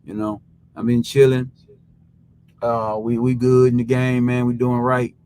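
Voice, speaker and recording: A man's voice: medium pitch, monotone, unhurried, warm tone, low-quality recording. A man hosting a live sports recap show, talking in a loose, rambling, heavily profane way with constant filler tags. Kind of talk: casual live-stream rant.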